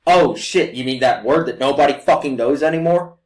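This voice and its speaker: A man's voice: medium pitch, brisk. A young man hosting a reaction video, ranting emotionally with lots of swearing and mocking impressions. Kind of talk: profane ranting commentary. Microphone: desk USB mic.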